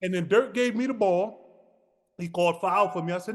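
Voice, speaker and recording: A man co-hosting a podcast, telling a lively basketball anecdote and acting out the dialogue. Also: sits high, brisk, long reverb tail. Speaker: podcast co-host. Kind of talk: casual storytelling.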